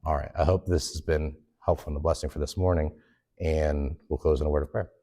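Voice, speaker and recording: A man's voice: extremely low pitch, steady tone, fairly quick, warm tone. A man teaching a Sunday school lesson in an earnest, conversational way. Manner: earnest, conversational, acts out quoted complaints.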